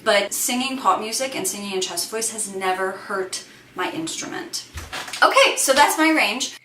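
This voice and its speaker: A woman singer talks through her range in a loose, thinking-aloud way. Her voice is bright and forward. It sounds echoey, with the mic set back and a faint hiss underneath. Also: medium pitch, moderate pace, distant mic. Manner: relaxed, thinking aloud with many "like" and "sort of". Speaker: singer and voice teacher. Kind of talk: casual vocal demonstration.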